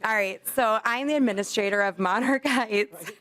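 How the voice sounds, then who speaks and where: A woman's voice: mid-range voice, normal speed, fairly bright tone. A woman, a facility administrator, gives earnest, apologetic testimony to a legislative committee.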